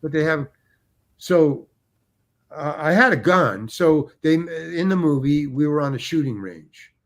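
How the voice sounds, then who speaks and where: A man's voice: on the high side, lively intonation, a little slow. An older man, a guest actor, telling rambling anecdotes with restarts and acted-out quotes. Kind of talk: anecdotal storytelling.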